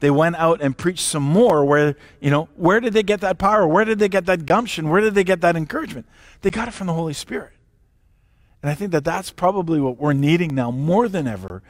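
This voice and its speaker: A pastor giving a livestreamed sermon, emphatic and direct, asking the listeners rhetorical questions and sometimes restarting a word. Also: male voice, on the high side, no echo. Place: church or home, recorded for a live stream.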